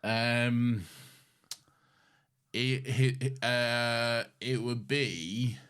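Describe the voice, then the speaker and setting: A man co-hosting a podcast in casual chat, animated and sweary, paraphrasing scenes in quick mock voices. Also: medium pitch, clean tone. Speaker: podcast co-host.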